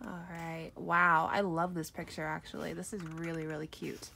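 A young woman unboxing an album on camera, gushing and giggling with lots of excited exclamations. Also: sits low, moderate pace, gravelly, background noise. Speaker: unboxing vlogger. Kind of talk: excited casual unboxing chat.

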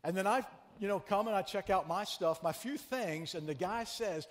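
A man preaching a sermon as pastor, telling a story in a chatty, animated way and teasing his congregation. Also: high-pitched, normal speed, in a large hall. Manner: conversational, animated storyteller who teases the congregation. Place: church sanctuary.

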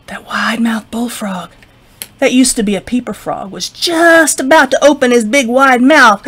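A woman librarian telling a folktale to children, expressive, with whispers and sound effects. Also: a little high, moderate pace, husky. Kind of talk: children's storytime narration.

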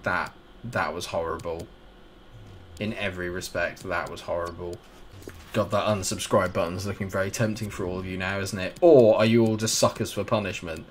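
Male gamer, lower voice, dry sarcastic running commentary, some noise behind. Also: steady tone, normal speed. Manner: exasperated, sarcastic, self-mocking. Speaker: gaming YouTuber. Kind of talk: live gameplay commentary. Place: at home, late at night.

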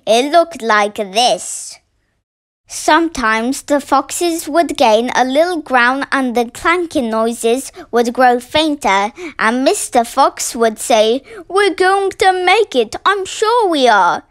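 A woman reading a children's story aloud with slow, expressive storytelling. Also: sits high.

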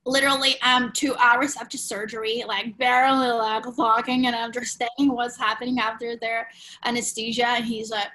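A woman, a podcast guest frankly telling a personal story in animated, loose English. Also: on the high side, moderate pace, low-quality recording. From Ukraine. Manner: animated, frank, swears casually, non-native grammar.

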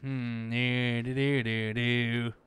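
A man's voice: medium pitch, level tone, slow, a bit bright, clean tone. A man doing let's-play commentary, sarcastic and swearing, talking back at the game. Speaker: gamer playing through a game. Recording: noisy with clicking sounds.

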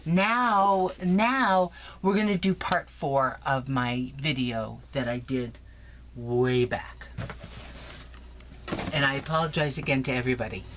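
A woman chatting excitedly through a crafting unboxing, gushing and laughing often in her home craft room. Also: extremely low pitch, slow. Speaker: crafting vlogger. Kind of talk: casual unboxing chat. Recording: noisy home recording.

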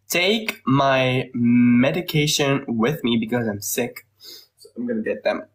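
A man's voice: mid-range voice, a bit bright. A young man from Belgium with a Flemish accent, a native Flemish speaker, chatting casually on a phone livestream and answering viewer questions with rambling, cursing and laughter.

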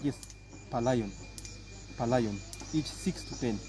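A Ugandan man leads a zoo tour, explaining each animal patiently and repeating key facts. His voice sits at a middle pitch. The outdoor recording carries clear background noise and animal calls. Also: takes it slowly. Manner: explanatory, repeats key points, asks "okay?" often. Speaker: tour guide. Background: outdoor ambience, animal sounds.

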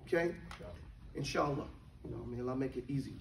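A man's voice: medium pitch, a little fast, vocal fry, slight background noise. A man teaching a religious class, checking in with his students and chanting verses to drill them. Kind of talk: interactive classroom lesson. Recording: echoey room from a distant mic.

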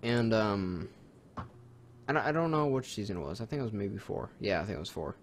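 A man's voice: animated, fairly quick. Profane young man ranting on a podcast. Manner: profane, mocking, bursts into loud falsetto impressions. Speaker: podcast co-host. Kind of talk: casual chat.

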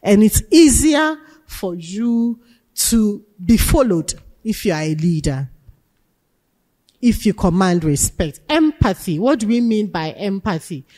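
A woman's voice: mid-range voice, very animated, measured pace, dark tone. A woman teaching a leadership class, emphatic and asking her students questions. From Ghana. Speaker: lecturer. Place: lecture hall. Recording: long hall reverb.

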